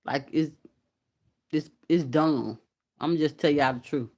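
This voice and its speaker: A woman's voice: low voice, a little slow, a little mellow. A woman from Alabama, hosting a casual livestream and talking candidly and emphatically to her viewers. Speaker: YouTube commentary host.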